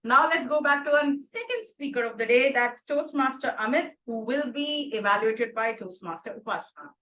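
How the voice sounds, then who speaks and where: A woman with an Indian English accent hosting an online club meeting and giving warm, expressive feedback. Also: on the high side, normal speed, echoey room, rough recording. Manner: warm, expressive, praising then suggesting. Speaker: meeting host, Toastmaster of the day.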